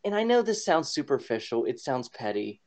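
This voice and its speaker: A man's voice: medium pitch, sing-song, a little fast, darkish tone. A man co-hosting a podcast in casual chat, rambling with lots of fillers and frequent laughs. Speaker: podcast co-host. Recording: dull lo-fi podcast audio.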